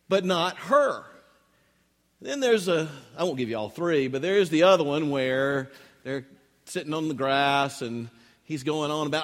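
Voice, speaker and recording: A man's voice: fairly high pitch, moderate pace, in a large hall. A man preaching a sermon in a conversational storytelling way, restarting his phrases as he goes. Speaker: pastor. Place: church.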